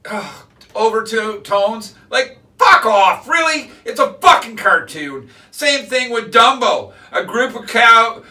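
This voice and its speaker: A man's voice: high-pitched, bright, forceful tone, recorded from a distance, rough recording. A man hosting his own video blog, ranting bluntly and angrily with constant swearing. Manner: blunt, angry, heavy swearing. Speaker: vlogger host. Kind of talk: profane ranting monologue.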